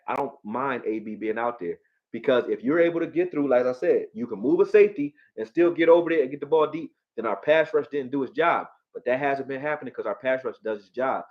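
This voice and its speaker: A man from Philadelphia with a Philly accent, hosting a live football stream, profane and animated, talking back to his chat. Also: on the high side, dull audio. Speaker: sports streamer.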